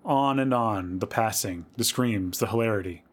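A man with a fairly low voice gives a dramatic, measured reading of a spooky tale. As podcast host he leans into the eerie moments, pacing his storytelling for suspense.

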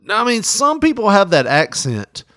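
Lively, laughing man in dry casual chat. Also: high voice, moderate pace, no echo. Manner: laughs a lot, animated, does mocking impressions.

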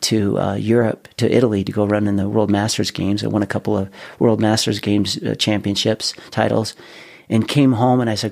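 A middle-aged man telling his story in a casual interview, animated, often restarting and repeating his words. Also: on the low side, moderate pace, vocal fry. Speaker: guest.

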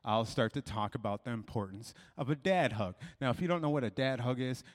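A man preaching a sermon, telling stories dramatically, dropping to a hush and rising to shouts. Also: mid-range voice, fairly quick. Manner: dramatic storytelling, swings between hushed and shouting. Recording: long hall reverb.

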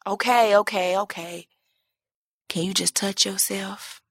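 A woman's voice: mid-range voice, steady tone, slow, fairly bright tone, slightly rough, no room sound, studio quality, full character voice. A woman voicing a demanding, crude male online scammer who keeps pressing with insistent requests. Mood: pushy.

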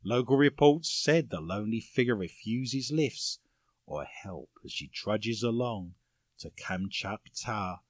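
Lively man, dry jokey host. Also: fairly low pitch, slow pace, dry recording. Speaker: podcast host. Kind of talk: comedic news banter.

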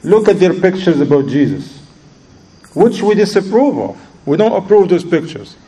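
A man's voice: high-pitched, big pitch swings, moderate pace, warm tone, low-quality recording. A man teaching a religious lesson, telling stories and asking his audience questions, often repeating words as he searches for them. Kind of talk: lecture with storytelling.

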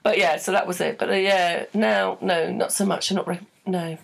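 A woman and comedian co-hosting a podcast, chatting quickly, telling anecdotes and laughing often. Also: lowish voice, fairly even intonation, vocal fry. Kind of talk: casual chat.

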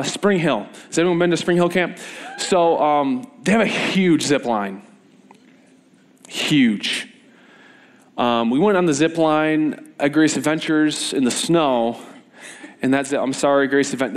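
A young man, a youth pastor, preaching and telling stories with lively energy. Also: a little high. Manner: energetic, animated storytelling with laughs. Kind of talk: sermon with storytelling.

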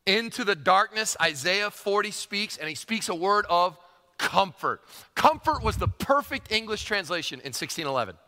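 A man preaching a sermon, emphatic and animated, repeating phrases for emphasis. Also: sits high, moderate pace. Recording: long hall reverb.

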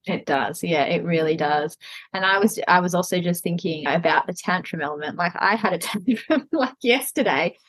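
A woman co-hosting a parenting podcast, telling animated stories and laughing often. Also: fairly low pitch, moderate pace, husky, no echo, low-quality recording. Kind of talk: casual conversational podcast chat.

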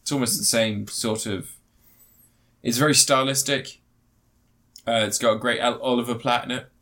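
A man's voice: mid-range voice, fairly even intonation, moderate pace, sharp tone. A man hosting a podcast, tired and yawning, rambling through a film review with lots of fillers, restarts and swearing. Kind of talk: casual chat.

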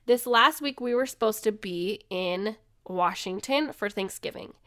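A woman's voice: mid-range voice, unhurried, a bit bright. A woman sharing personal faith stories in an earnest, conversational way, with plenty of filler words. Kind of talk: personal reflective storytelling.

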